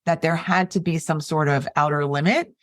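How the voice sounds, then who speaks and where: A woman hosts an interview podcast in a fairly low voice and asks her questions with warm encouragement. The sound is dry and close to the mic. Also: steady tone, normal speed, no room sound. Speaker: podcast host. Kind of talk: casual interview.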